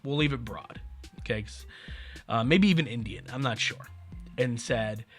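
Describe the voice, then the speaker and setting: A man's voice: medium pitch, moderate pace, faint music behind. A man co-hosting a podcast, telling stories in casual chat with wry asides. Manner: chatty storyteller, wry asides. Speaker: podcast co-host.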